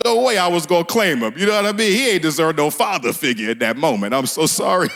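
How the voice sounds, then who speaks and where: Animated laughing comedian man. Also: a little high, quick pace, creaky, hardly any pauses. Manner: animated, laughs at own jokes, street slang. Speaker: stand-up comedian. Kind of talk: stand-up comedy set. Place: small theater stage with studio audience.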